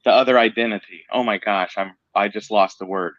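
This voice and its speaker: A man's voice: lowish voice, steady tone, brisk, a bit bright, no echo. A man co-hosting a casual chat show, talking in a chatty, joking way and swearing now and then. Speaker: podcast co-host. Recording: dull, dry lo-fi sound.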